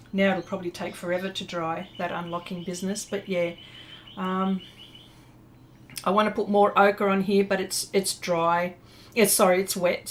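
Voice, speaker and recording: A woman, chatting casually and laughing often as she paints on a livestream and answers her viewers. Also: mid-range voice. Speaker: artist livestreaming a painting session. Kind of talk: casual chat while painting.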